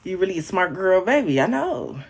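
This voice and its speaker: A young man chatting casually on a livestream, frank and profane, calling viewers honey and babe, his voice jumping up and down in pitch and loudness. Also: sing-song, a little fast, creaky, slightly rough. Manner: talks directly to viewers, calling them honey, babe and queen. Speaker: livestreaming social media creator.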